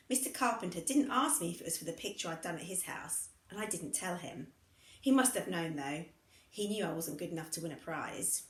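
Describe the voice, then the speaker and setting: Woman, story reader, lower voice, lively intonation, echoey room. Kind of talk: reading a story aloud.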